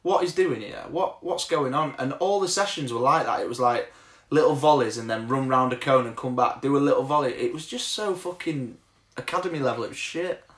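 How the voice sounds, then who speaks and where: A man's voice: mid-range voice, animated, a little fast, fairly bright tone. An English man hosting a podcast, chatting bluntly about football with plenty of swearing and laughter. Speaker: podcast host. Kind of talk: casual chat. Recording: echoey room.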